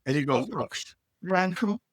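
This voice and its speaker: Middle-aged guy coach telling a story, really animated voice, bit husky, dry close mic. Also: sits high, a little slow, no room sound. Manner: acts out dialogue with lively inflection. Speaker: guest, leadership coach.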